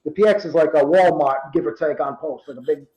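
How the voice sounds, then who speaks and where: A man in his fifties from Rhode Island, telling true stories in casual talk and acting out the quoted dialogue with lively energy. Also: a little high, fairly quick, reverberant, dull audio. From Rhode Island, USA. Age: 50s. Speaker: guest. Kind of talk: casual storytelling.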